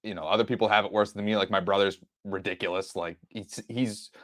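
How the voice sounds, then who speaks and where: A man with a Boston accent co-hosting a podcast in relaxed, easygoing chat, with some halting starts. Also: fairly low pitch. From Boston area, US. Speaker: podcast co-host.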